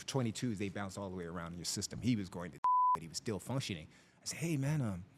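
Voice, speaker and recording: A middle-aged man, a police officer, telling stories from the job in a casual interview, lively and acting out the people in them. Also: deep voice, fast talker, very noisy. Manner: animated storyteller, voices people in his anecdotes.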